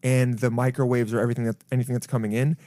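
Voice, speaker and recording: Animated, joking male co-host. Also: racing, dry recording. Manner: animated, swears freely, jumps into high excited voices. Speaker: podcast co-host. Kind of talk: casual comedic chat.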